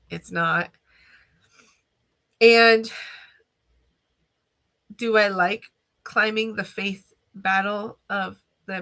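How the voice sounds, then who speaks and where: Slow, gravelly-voiced woman giving heartfelt devotion. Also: medium pitch, pushed and bright. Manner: earnest, heartfelt, searching for words; reads scripture aloud. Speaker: host of a live devotional stream; children's ministry teacher. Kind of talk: live devotional talk. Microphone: phone or webcam livestream.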